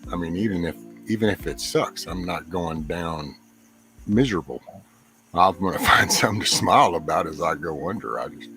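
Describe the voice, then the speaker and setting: A man's voice: low-pitched, moderate pace, pushed and bright, soft background music. A man with a Texan accent chatting casually as host, rambling and clipping his words short. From Texas, USA. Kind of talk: casual chat.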